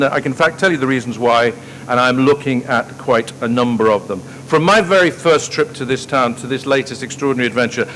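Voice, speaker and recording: A man's voice: mid-range voice, a bit bright, long reverb tail, a little hiss or hum, low-quality recording. A man from Northern Ireland giving a gracious ceremony speech, thanking people with hesitant fillers. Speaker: speaker at an awards ceremony. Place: outdoor ceremony.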